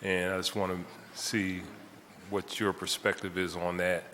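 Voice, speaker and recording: Deep, bright-toned man pressing a witness. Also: flat delivery, a little slow, slight background noise. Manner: pressing, interrupting, repeats his phrasing. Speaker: city council member questioning a witness. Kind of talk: pointed questioning at a hearing. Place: city council hearing chamber. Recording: reverberant council chamber.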